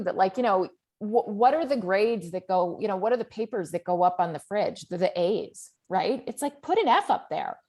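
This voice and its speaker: A middle-aged woman talking as a guest author in an interview, candid and animated, with plenty of fillers as she tells her story. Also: medium pitch. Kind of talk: conversational interview.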